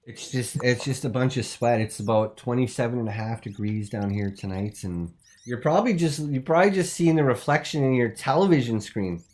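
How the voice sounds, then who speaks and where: A man hosting a comedic call-in talk show, rambling in deadpan, absurd bluster and dropping into muttered asides. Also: medium pitch, fairly quick. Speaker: host.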